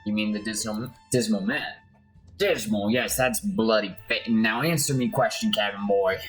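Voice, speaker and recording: Man playing a growling drunk old sea dog, gruff and bitter, game voice. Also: on the low side, normal speed, a bit bright, faint music behind, natural voice, rough recording. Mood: mocking.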